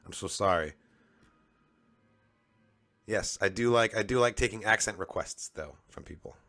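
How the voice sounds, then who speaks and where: A man's voice: on the low side, moderate pace, sharp tone. A man chatting casually on a live stream as he reads comics aloud, dropping "like" often.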